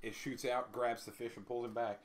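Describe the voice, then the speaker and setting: A man's voice: medium pitch, little pitch movement, fairly quick, slight background noise. A man co-hosting a casual podcast chat, joking around and laughing often.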